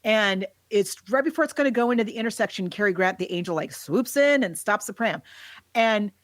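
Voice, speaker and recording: Lively woman podcast co-host. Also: medium pitch, dry recording. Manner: animated storyteller who acts out scenes with quick laughs. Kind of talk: casual movie discussion.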